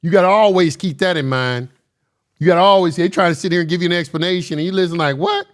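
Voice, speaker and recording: High-voiced, blunt man riffing on scripture. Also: fast talker. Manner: blunt and emphatic, reads verses aloud, laughs often. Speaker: commentator reading and discussing scripture. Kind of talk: casual spoken commentary.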